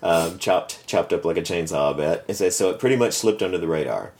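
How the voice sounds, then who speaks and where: A man's voice: low voice, fairly quick, a little mellow. A man co-hosting a film podcast, reading listener mail aloud in an agreeable, chuckling manner. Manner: chuckling, agreeable, frequent "mm-hmm". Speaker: podcast co-host.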